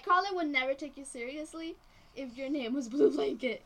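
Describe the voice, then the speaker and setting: A woman's voice: high voice, lively intonation, a little fast, a bit bright. A woman co-hosting a podcast, teasing and emphatic in casual banter. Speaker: podcast co-host.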